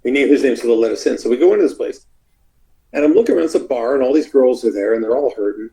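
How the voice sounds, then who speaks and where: Guy with a rough low gravelly voice telling a wild story, does the voices. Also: rapid-fire, poor audio. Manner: animated, acts out quoted voices. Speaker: wrestler telling a road story. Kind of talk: casual storytelling.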